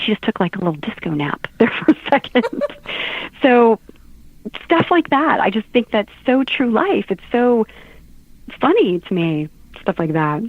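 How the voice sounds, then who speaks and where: Animated woman on a tinny line. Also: fairly low pitch, normal speed, dry recording. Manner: animated storyteller, laughs often. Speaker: guest author. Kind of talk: casual talk-show chat.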